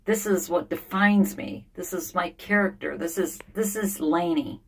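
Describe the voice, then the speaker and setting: An older woman vlogging in a sauna, thinking out loud in a blunt, candid, venting way. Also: on the low side, measured pace, a little hiss or hum. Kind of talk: casual vlog monologue.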